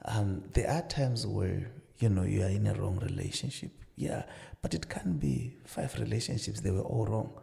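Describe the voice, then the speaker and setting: Speaking at normal speed with few pauses, this middle-aged pastor and marriage counsellor offers advice as a podcast guest in an easygoing chat. His voice is low, dark and mellow, thick with gravelly fry. Earnest stories fill his talk, along with frequent "you know" asides and dialogue he acts out from both sides.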